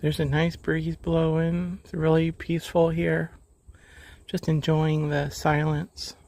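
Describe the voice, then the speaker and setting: A man's voice: a little high, completely flat delivery, takes it slowly, creaky, darkish tone. A man live-streaming a hike, chatting in an easygoing, rambling way as he walks, a little out of breath. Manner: rambling, easygoing commentary while walking. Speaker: vlogger. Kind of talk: live-streamed hiking chat. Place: outdoors on a hiking trail by a lake.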